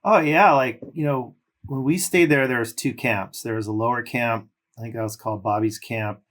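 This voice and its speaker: Guesting on a podcast, this middle-aged Californian and onetime professional surfer casually spins long stories. His mid-range voice moves at normal speed, relaxed and rambling with plenty of fillers.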